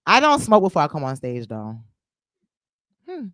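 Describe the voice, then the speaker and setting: Crude, lively stand-up comedian woman. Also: sits low, moderate pace, no room sound. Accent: New York. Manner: crude, loose and teasing with the crowd. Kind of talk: stand-up set. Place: comedy club stage.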